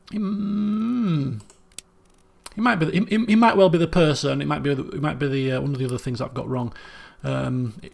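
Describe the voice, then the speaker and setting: A man's voice: on the high side, gravelly. Man muttering over a puzzle game. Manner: thinking aloud, muttering guesses. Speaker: game streamer. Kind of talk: casual gameplay commentary.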